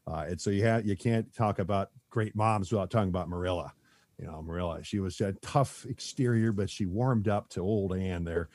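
A man's voice: sits low, brisk, a little mellow, no echo. A man chatting as a podcast guest, rambling with lots of fillers and restarts and chuckling often. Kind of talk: casual podcast chat.

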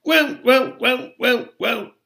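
A man voicing a resentful male house elf who croaks and shrieks the same refusal over and over. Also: very high voice, slow pace, sharp tone, pitched above the performer's own voice, exaggerated voice. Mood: shrieking. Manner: repetitive stubborn chanting.

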